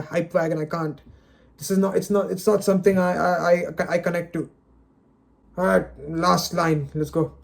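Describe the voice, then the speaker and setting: Exasperated man ranting, high mellow voice. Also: creaky. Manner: exasperated, sighing, stammering repeats. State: dejected and frustrated. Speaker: video creator. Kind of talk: unscripted solo rant.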